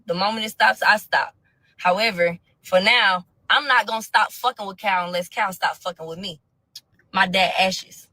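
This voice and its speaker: A woman telling a personal story to viewers in a blunt, profane storytime rant, swinging from low mutters to loud crying shouts. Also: dry recording, rough recording. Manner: profane, blunt street slang.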